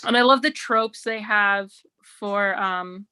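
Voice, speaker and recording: Bright-voiced woman doing stand-up. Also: medium pitch, slow pace, smooth. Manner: wry, chatty delivery with many "like"s. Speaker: stand-up comedian. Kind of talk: stand-up set. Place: remote open mic over video stream.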